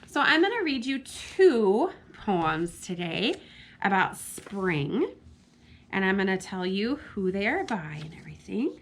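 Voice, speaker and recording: Recorded on a camera mic with a little hiss or hum, a medium-pitched woman speaks in a sing-song, somewhat slow way. She's running a children's storytime at a library, reading poems and chattily quizzing the kids along the way.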